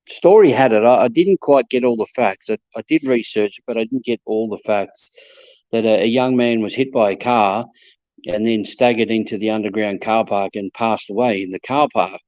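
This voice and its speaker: Aussie bloke chatting about ghost cases, mellow dark voice, dry dull sound, stumbles and repeats himself. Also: male voice, fairly low pitch, normal speed, no echo. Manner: hesitant, repeats words, quotes people in his stories. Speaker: paranormal investigator. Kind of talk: casual storytelling chat.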